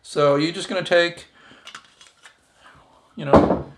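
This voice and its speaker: A man's voice: on the high side, steady tone, takes it slowly. A man hosting a casual home cocktail show, chatting and joking as he mixes drinks at his bar. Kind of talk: casual chat while mixing drinks.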